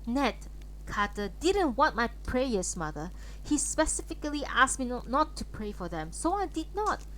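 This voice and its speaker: A woman voicing a tired grown son, an evangelist, who speaks in a flat, worn-out voice. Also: high voice, measured pace, slight background noise, pitched above the performer's own voice, exaggerated voice, poor audio. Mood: weary.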